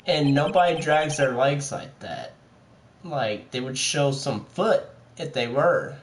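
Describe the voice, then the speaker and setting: A man's voice: a little high, expressive, takes it slowly, a little hiss or hum. A man casually commenting on a game he plays, joking crudely and laughing often. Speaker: let's play host. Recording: game music underneath.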